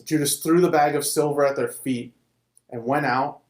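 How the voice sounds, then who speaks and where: A man's voice: fairly high pitch, steady tone, moderate pace, a little mellow. A man telling a Bible story in a casual, conversational way, with occasional restarts. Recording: roomy echo.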